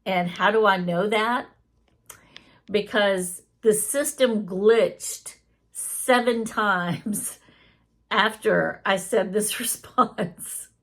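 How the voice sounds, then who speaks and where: Gravelly woman sharing an earnest testimony. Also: mid-range voice, drawn-out words, a bit bright. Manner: earnest, emotional storytelling. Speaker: faith testimony speaker. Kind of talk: casual spoken testimony.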